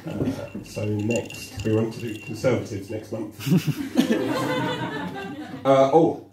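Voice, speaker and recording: A man's voice: mid-range voice, very animated, extremely slow. A man compering a stand-up comedy night, laughing at his own jokes and hyping up the crowd. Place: cafe-bar comedy night, live crowd. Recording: roomy live room, distant mic, loud crowd.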